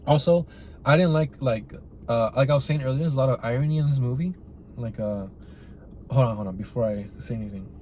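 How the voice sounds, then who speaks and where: Rambling, profane man with a mellow voice. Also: medium pitch, brisk, a little hiss or hum. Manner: rambling and profane, heavy use of "like" and "right?". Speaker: podcast host reviewing a film. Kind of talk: casual spoken review.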